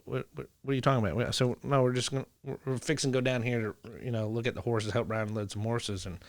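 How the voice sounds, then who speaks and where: A man telling animated stories in a casual podcast chat, laughing often and acting out dialogue. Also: mid-range voice, fast, no room sound. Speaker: podcast guest, food truck owner.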